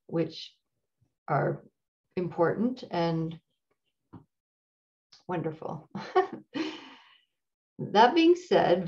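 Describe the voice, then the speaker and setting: A woman meditation teacher giving an unhurried dharma talk, often pausing and searching for words with fillers. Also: lowish voice, creaky, a little mellow. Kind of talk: dharma talk introducing a practice. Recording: dull lo-fi recording.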